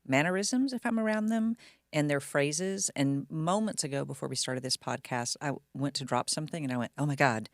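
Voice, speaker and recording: A woman co-hosting a casual podcast, playful and gushing, with a gravelly edge to her voice. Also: deep voice, normal speed, no room sound, studio quality. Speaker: podcast co-host.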